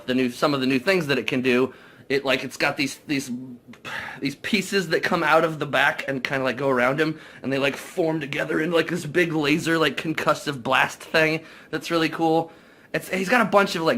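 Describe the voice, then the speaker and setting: A young man casually recapping a movie, swearing a lot, excitable and full of fillers. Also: fairly high pitch. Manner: profane, excitable, many fillers. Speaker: movie reviewer.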